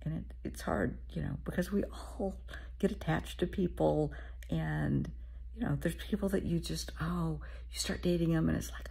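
A middle-aged woman therapist giving a motivational talk, speaking softly and often half-whispering, calling the listener honey. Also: sits low, normal speed, creaky, breathy edge.

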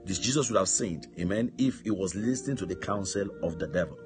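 A male pastor preaches a fervent sermon in a low voice, fairly quickly, slipping in amens and hallelujahs between his points. Soft music plays faintly underneath.

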